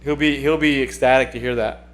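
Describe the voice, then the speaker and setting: A man's voice: mid-range voice, steady tone, fairly quick. A man hosting a casual livestream, chatting and reading viewer comments aloud in a rambling way that often repeats itself. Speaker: livestream host.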